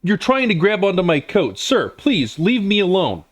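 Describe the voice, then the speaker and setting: A man's voice: sing-song, normal speed. A man voicing an indignant, flustered stranger squabbling over a taxi, in a tabletop game. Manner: indignant, shrill. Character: flustered rude man fighting over a cab.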